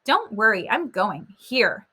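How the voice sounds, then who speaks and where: A woman's voice: on the high side, very animated, takes it slowly, sharp tone, breathy edge, exaggerated voice. A woman reading aloud as a blunt, stubborn schoolgirl who answers back defiantly. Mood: curt.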